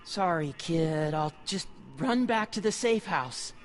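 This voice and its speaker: An actor playing a timid young bookkeeper who answers hesitantly in a video game. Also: male voice, fairly high pitch, expressive, slow. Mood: meek. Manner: meek and hesitant.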